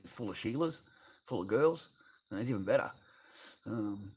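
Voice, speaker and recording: A rambling Australian man talks loosely to his live stream, swearing freely and reading out chat. His voice is low and husky. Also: expressive, unhurried, a little mellow.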